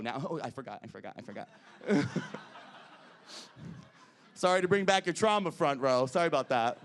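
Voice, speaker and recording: A man's voice: high voice, a bit bright, clean tone. A man performing drag stand-up comedy on a club stage, crude and brash in his crowd work.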